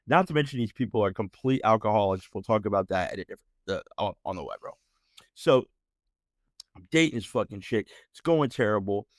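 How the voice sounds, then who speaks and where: A man's voice: fairly low pitch, animated, a little fast, no room sound, studio quality. A man in his thirties with an American accent, hosting a podcast and telling a personal story in a casual, profane, slang-heavy ramble with mocking outbursts. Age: 30s. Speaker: podcast host.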